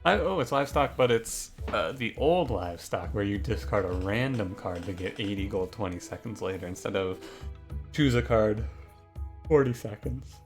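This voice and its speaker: A man with a fairly low voice talks casually over his gameplay. He rambles and cracks jokes, often cutting himself off partway through a thought. Background music plays under his voice. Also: expressive, normal speed. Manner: rambling, jokey, self-interrupting. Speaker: gaming commentator.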